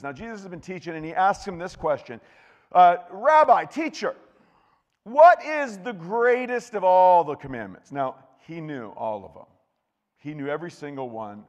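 A male pastor delivers a relaxed, joking sermon and reads scripture aloud, often restarting his sentences. His voice sits at an ordinary pitch for a man. The sound carries the long reverb of a large church hall. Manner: joking, chatty, with frequent restarts. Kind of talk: conversational sermon with scripture reading.

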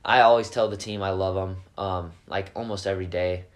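Earnest teenage guy, lower voice. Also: brisk. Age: teens. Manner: earnest and upbeat, gets animated. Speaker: guest, high school quarterback. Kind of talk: casual interview chat.

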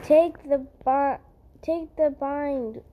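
A woman's voice: high-pitched, extremely slow, dull audio. A woman reading as a harsh, curt rebel leader. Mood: commanding. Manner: commanding, curt. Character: harsh male rebel leader giving orders.

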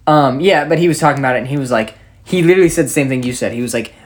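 A man's voice: mid-range voice, racing. A young man co-hosting a podcast in casual chat, opinionated and rambling with lots of fillers. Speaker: podcast co-host.

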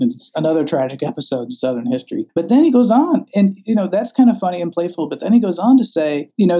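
A man's voice: on the high side, very animated, quick pace, few pauses, mellow, dull audio. A man from the American South, interviewed as a scholar, speaking in a wry, thoughtful way with many restarts and fillers. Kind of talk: conversational interview.

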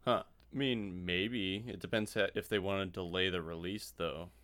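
A man's voice: low voice, steady tone, normal speed, fairly bright tone, clean tone. A man co-hosting a casual podcast, chatty and joking as he weighs in on news. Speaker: podcast co-host. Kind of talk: casual chat.

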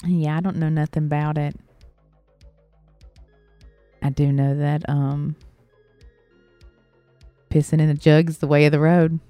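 A woman with a smooth, clear voice and a middling pitch cracks dry, deadpan jokes as co-host of a casual comedy talk show. Her voice sounds close and dry, with no room echo. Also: measured pace, long pauses, soft background music.

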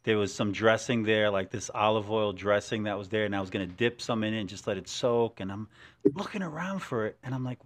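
A man with a somewhat low voice talks casually on a podcast. He tells stories animatedly, stumbling and restarting, and slips into quoted voices. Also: a little fast. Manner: animated storyteller, many restarts. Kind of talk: casual chat.

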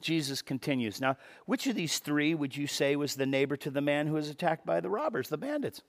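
Pastor guy preaching, fairly high voice, goes quiet then gets loud and punchy, repeats himself a lot. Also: fairly quick, vocal fry. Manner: animated preaching, shifting from hushed to loud emphatic bursts; repeats words for emphasis, breaks into quoted dialogue. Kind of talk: sermon.

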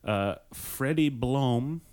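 A man hosting a podcast in casual chat, joking crudely with frequent swearing and halting restarts. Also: medium pitch, darkish tone, smooth. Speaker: podcast host.

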